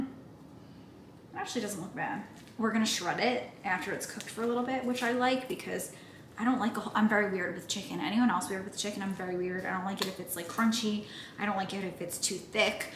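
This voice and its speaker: A woman's voice: medium pitch, moderate pace, a bit bright. A young woman vlogging at home, chatting casually and playfully to the camera while cooking in her kitchen. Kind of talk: casual vlog chat. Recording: echoey room, faint background hiss.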